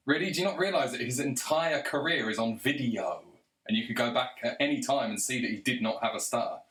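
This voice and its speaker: Here a man with a medium-pitched, fairly bright voice rants at the camera as a video commentator, angry, sarcastic and profane throughout. There's a roomy echo on the recording.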